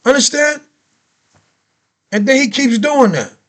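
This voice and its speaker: Man with a high voice, AAVE speech, heated reaction rant, repeats points, fires off rhetorical questions. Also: a little slow. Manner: animated, ranting, repeats himself, rhetorical questions. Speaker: reaction video host. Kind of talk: heated political reaction commentary.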